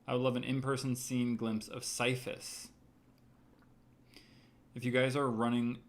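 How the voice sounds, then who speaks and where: A man's voice: mid-range voice, vocal fry. A man hosting a casual livestream as a writer, reading viewer comments aloud and reacting to them.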